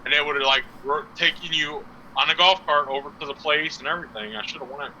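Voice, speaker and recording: Laughing and swearing a lot, a male live stream co-host trades crude stories in casual conversation. He talks fairly quickly in a fairly high, sharp voice, and the lo-fi recording carries slight background noise.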